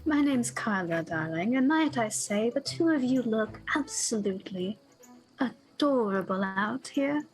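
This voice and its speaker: A bold, genteel Victorian lady, played by a woman in a tabletop game. She drawls slowly in an affected, posh manner at a slightly high pitch. Faint music plays behind. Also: animated. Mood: charming. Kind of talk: tabletop role-play voice.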